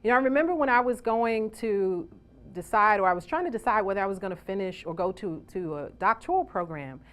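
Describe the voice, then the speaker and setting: A woman speaking as a seminar coach, giving an energetic motivational talk to a live audience that she calls on to respond. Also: medium pitch, a little fast.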